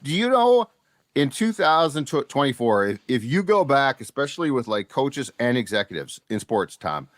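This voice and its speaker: A man hosts a casual sports talk show in an easygoing, storytelling manner. His voice sits at an ordinary middle pitch. The sound is dry and close, with no room around it. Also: normal speed, no echo. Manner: storytelling, animated when excited.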